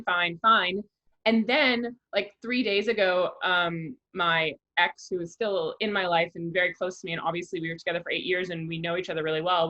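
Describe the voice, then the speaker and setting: A woman chatting candidly on a podcast, animated and laughing often. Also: mid-range voice, highs cut off. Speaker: co-host. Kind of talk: casual podcast chat.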